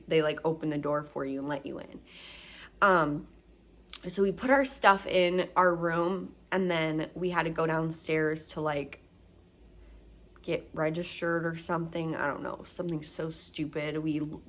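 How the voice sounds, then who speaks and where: Young mom telling her story, slightly low voice, rambly with tons of fillers. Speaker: new mother telling her birth story. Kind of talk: casual storytelling.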